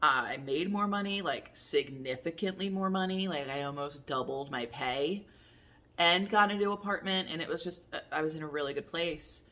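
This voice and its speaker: A woman's voice: sits low, moderate pace, pushed and bright. A woman in her thirties chatting casually to her camera in a rambling, candid way, with the odd curse. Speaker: vlogger.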